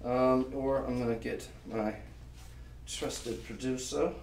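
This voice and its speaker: Chatty man pitching jewelry in a roomy studio. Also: steady tone, slow, a little mellow, far from the mic, a little hiss or hum. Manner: chatty, piles up descriptive words. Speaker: shopping channel host. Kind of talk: live shopping sales pitch. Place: shopping channel studio. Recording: roomy sound, voice off-mic.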